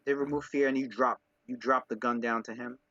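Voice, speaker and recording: A man running a tabletop game, talking through the map in halting, restart-filled sentences. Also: medium pitch, steady tone, pushed and bright, no echo, highs cut off. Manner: hesitant, full of restarts while checking the map. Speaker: game master. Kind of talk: casual tabletop game chat.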